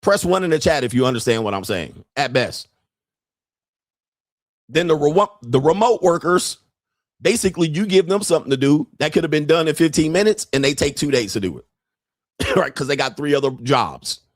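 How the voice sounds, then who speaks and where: A man's voice: on the high side, expressive, moderate pace, dry recording. Brash ranting man, very dry sound. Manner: brash, ranting, laughs often, mimics people. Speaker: podcast host. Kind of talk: profane livestream monologue.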